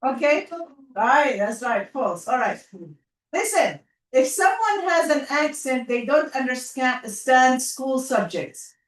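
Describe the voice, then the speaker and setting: A woman with an Arabic accent teaching a class in a lively, coaxing way. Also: high-pitched. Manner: lively, coaxing, quick asides to pupils. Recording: roomy classroom from far off.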